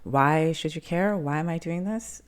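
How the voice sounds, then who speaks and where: Woman, low voice, middle-aged, reflective podcast host, casual conversational talk. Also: smooth. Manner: conversational, acts out frantic callers in quick bursts. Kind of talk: reflective solo podcast monologue.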